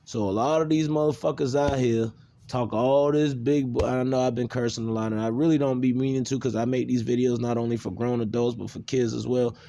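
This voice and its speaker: A man's voice: mid-range voice, steady tone, a little fast, warm tone. A man from the South, talking bluntly and profanely in an unscripted video monologue. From American South. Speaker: video maker.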